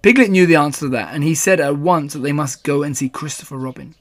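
A man narrating a classic children's story in a measured, gentle storytelling manner. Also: a little high. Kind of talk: storybook reading.

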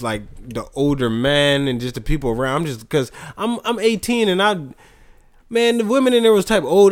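A man chatting casually as a podcast host, swearing freely and laughing through his stories. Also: fairly high pitch. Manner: profane, laughing storyteller. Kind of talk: casual chat.

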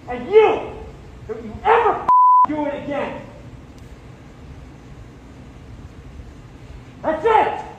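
A man angrily berating his film crew with stern, clipped threats, caught on a leaked set recording. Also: very high voice. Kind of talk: angry rant. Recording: echoey, distant, noisy leaked set recording.

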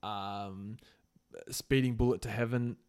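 This podcast co-host has a smooth, fairly low-pitched voice and a slow pace. In a casual chat he sounds relaxed, rambling along with plenty of fillers.

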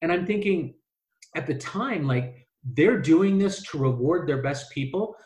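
A man's voice: fairly high pitch, animated, measured pace, darkish tone. Rambling storyteller man, echoey room. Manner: rambling, many restarts and "like" fillers; acts out quoted voices in his stories. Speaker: travel business owner telling his story. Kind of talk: casual interview storytelling.

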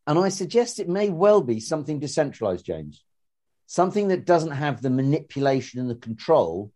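A man talks through ideas in a relaxed podcast chat, looping back over his words with restarts and fillers. His voice is mellow and warm, sitting at an ordinary pitch. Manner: rambling, frequent restarts and fillers. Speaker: podcast co-host. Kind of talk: casual conversational podcast.

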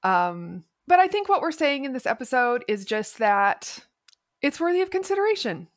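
A woman co-hosts a book podcast, talking things through thoughtfully with many "um"s. Her voice sits a little high, and the recording is dry, with no room sound. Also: very animated, moderate pace, dry recording. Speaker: podcast co-host. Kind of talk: casual chat.

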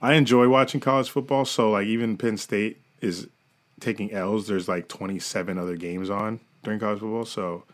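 A man's voice: fairly low pitch, steady tone, normal speed. A young man hosting a podcast in a laid-back, joking way, swearing often as he chats about sports. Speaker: podcast host. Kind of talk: casual podcast chat.

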